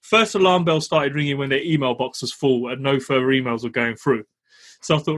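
A man's voice: medium pitch, a little fast. A man, co-hosting a property podcast, telling a story in a chatty, slangy way. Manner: animated, chatty, slangy, frequent "you know". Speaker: property podcast co-host and landlord. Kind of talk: casual storytelling.

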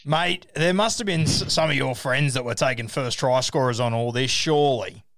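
A man's voice: medium pitch, moderate pace, a bit bright, no echo, studio quality. An Australian man hosting a casual interview, matey and teasing. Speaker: podcast host.

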